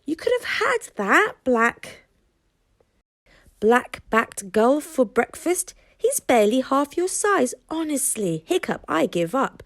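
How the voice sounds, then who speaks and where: A woman's voice: fairly high pitch, dry recording, clean studio sound, exaggerated voice. A woman reading aloud and voicing a gloomy young Viking boy who complains in a glum tone.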